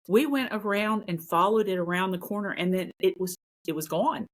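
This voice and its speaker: A woman's voice: mid-range voice, moderate pace. A woman working as a paranormal investigator tells a story in an earnest, casual way, repeating phrases for emphasis.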